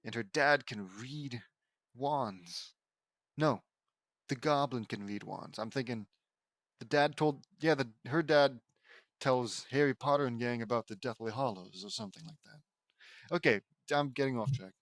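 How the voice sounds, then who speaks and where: A young man reading fan fiction aloud, wandering off into chatty, rambling side comments. His voice sits at an ordinary middle pitch and sounds dry and close, with no room around it. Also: measured pace, no echo. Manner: rambling, digressive asides.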